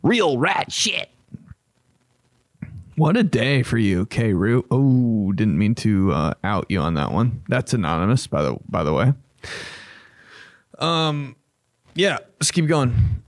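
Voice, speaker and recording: A man's voice: on the low side, big pitch swings, unhurried, no echo. A man hosting a comedy podcast, riffing loosely and profanely, joking as he reacts, on a close mic. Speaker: podcast host.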